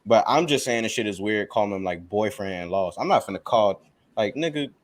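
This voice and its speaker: Man, low voice, laid-back, filler-heavy podcast chat. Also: animated, a little fast. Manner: laid-back, full of "you know what I'm saying". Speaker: podcast co-host. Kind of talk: casual podcast banter.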